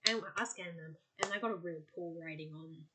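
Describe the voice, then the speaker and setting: A woman's voice: fairly low pitch, a little fast, heavy background noise. A woman hosting a podcast, chatting casually and bubbly, with lots of filler words. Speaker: podcast host.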